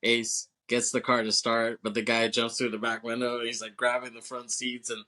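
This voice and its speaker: A man's voice: mid-range voice, completely flat delivery, normal speed, bright, forceful tone. A man co-hosting a casual movie podcast, laughing often, swearing and acting out scenes as he recaps. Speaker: podcast co-host.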